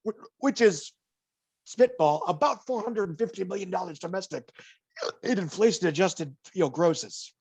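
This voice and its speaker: A man's voice: high-pitched, husky. A man co-hosting a podcast, giving a box office report in casual chat, wry and digressive, slipping dry jokes between figures.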